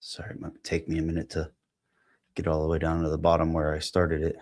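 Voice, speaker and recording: A man hosting a solo podcast, reading posts aloud and thinking out loud in a halting, rambling way with plenty of fillers. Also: very deep voice, completely flat delivery. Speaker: podcast host.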